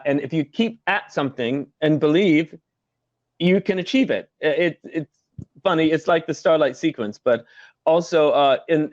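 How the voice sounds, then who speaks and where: With a mid-range voice in lo-fi sound and no room echo, this former musical performer, now middle-aged, chats through stories as a guest on a casual video call. He laughs a lot and leans on fillers.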